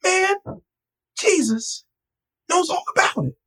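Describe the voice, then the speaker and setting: A man doing a tiny excitable reassuring pastor. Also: slow, exaggerated voice, low-quality recording. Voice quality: high, animated.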